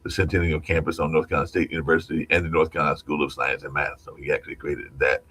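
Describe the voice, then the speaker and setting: A man with a very deep voice speaks quickly in a relaxed talk-show manner. He fills out his sentences with loose add-ons like "and everything" as he chats with his co-host. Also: husky. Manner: informal, pads with "and everything". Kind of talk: casual political talk show chat.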